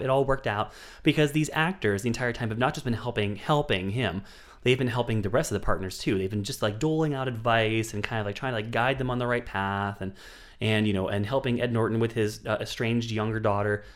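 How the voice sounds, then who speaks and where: A man's voice: fairly low pitch, smooth. A man co-hosting a podcast, casually retelling a film's plot with lots of ums and asides. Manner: rambling plot retelling with many fillers. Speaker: podcast co-host. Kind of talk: casual chat.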